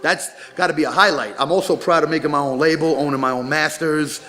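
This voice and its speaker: A man's voice: fairly high pitch, fast talker, pushed and bright. A man, a rapper, talking casually in an interview and telling boastful, profane stories.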